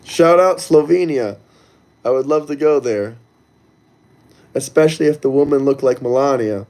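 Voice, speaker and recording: A man's voice: mid-range voice, moderate pace, a little mellow. A man hosting a casual livestream, talking loosely and crudely straight to his viewers as he reads the chat. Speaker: livestream host reading chat.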